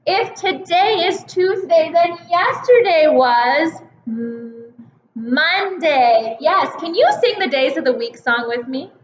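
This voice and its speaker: A young woman teaching a kindergarten calendar lesson, slow, sing-song and encouraging, stretching out her words. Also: high-pitched, expressive, echoey room, highs cut off, slight background noise.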